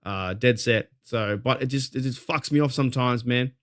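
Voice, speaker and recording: An Australian man hosting a fan talk show at a mid-range pitch. He vents in a fired-up, rambling way and swears freely, circling back over his points. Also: moderate pace, a bit bright. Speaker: podcast host. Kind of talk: casual fan commentary.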